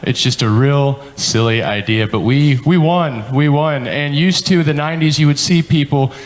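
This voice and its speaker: A man in his thirties doing profane stand-up storytelling on a club stage, animated and acting out quotes. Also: on the high side, moderate pace, background noise. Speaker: stand-up comedian. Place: comedy club stage with laughing audience. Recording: live club with audience laughter.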